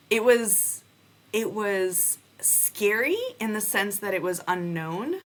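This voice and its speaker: A young adult woman hosting a podcast, telling a personal story in an animated way and acting out the conversations she quotes. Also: mid-range voice. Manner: animated, acts out quoted dialogue. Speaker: podcast host.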